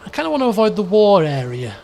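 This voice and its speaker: This high-pitched, gravelly but warm voice swings widely in pitch and moves at a quick pace, with slight background noise. The man hosts a casual let's-play roleplay, flipping between reading story text and offhand rambling while often restarting sentences.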